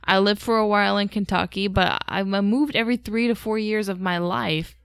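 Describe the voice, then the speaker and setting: An American woman co-hosting a podcast, talkative and quick to laugh, with lots of "like". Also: medium pitch, fairly even intonation, gravelly, fairly bright tone, clean tone, no room sound, studio quality. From United States. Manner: talkative, uses 'like' a lot, laughs easily. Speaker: podcast co-host. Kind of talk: casual chat.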